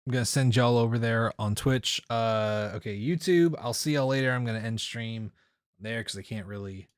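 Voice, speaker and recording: A man's voice: mid-range voice, normal speed, clear, resonant tone, no room sound, clean studio sound. A man streaming games, chatting casually with his viewers, rambling and laughing often. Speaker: game streamer. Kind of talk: casual chat with live chat.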